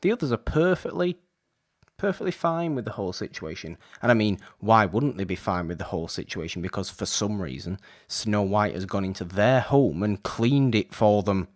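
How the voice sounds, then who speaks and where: A man co-hosting a podcast, chatting casually about an old film in an animated, exasperated, rambling way. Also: lowish voice, normal speed. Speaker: podcast co-host.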